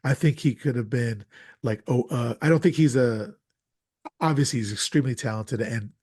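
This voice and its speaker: Animated man chatting about a film. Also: mid-range voice, normal speed, husky, dry recording, studio quality. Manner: animated, stumbling restarts, wry asides. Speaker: podcast host. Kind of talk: casual film discussion.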